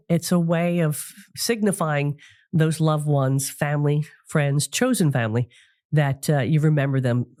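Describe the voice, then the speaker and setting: A middle-aged woman hosting a podcast, talking casually and warmly about family memories with frequent fillers and laughs. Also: sits low. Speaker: podcast host and psychic medium. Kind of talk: casual solo podcast talk.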